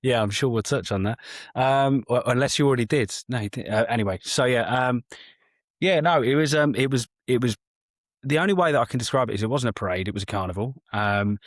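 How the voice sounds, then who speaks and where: A man's voice: medium pitch, a little fast, no echo, clean studio sound. A man in casual podcast chat as a guest, hesitant with many ums and restarts, swearing casually.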